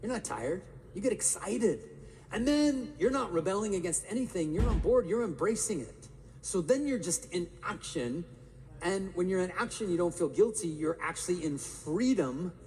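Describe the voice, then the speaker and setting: Gravelly man energizing a hall crowd. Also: high-pitched, moderate pace. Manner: energetic, asks the crowd rhetorical questions. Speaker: motivational speaker. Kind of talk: live talk to an audience. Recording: reverberant live hall, faint room noise.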